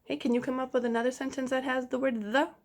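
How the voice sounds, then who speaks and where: A woman teacher giving a slow, clear phonics lesson to young children, sounding out each letter and inviting them to repeat. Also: high-pitched, little pitch movement, a little hiss or hum.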